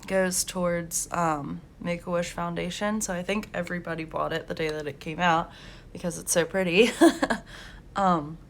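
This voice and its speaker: A young woman chats casually as she colors, telling funny work stories in a low, gravelly voice. She laughs often and talks with plenty of fillers. A faint hiss sits under the recording. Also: fairly even intonation, normal speed. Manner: chatty storytelling with frequent laughs and fillers. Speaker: coloring channel host. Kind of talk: casual chat while coloring.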